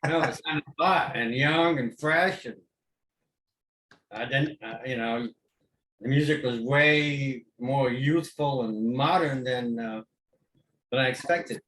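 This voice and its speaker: A man's voice: medium pitch, takes it slowly, long pauses, fairly bright tone. An older man giving rambling praise for a song in casual chat. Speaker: guest. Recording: roomy audio from far off with faint noise.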